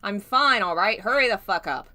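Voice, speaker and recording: Woman reading a rough, swearing Southern pilot, loud, with a lively, bouncing pitch. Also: normal speed. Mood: gruff. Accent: Southern US, put on. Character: gruff rough-edged male pilot.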